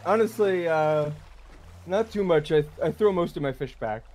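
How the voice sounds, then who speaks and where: A man role-playing a fisherman in a game, speaking in a dopey, hesitant way with many pauses. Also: on the high side, lively intonation, a little mellow. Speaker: fisherman player. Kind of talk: casual game role-play chat.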